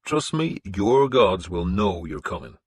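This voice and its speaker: A man voicing a grinning, loyal warrior who speaks softly and wryly. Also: low voice, sing-song, measured pace, slightly rough, dry recording, heavily acted. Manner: soft, wry and teasing. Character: grinning loyal male warrior, wry and menacing. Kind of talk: audiobook character voice.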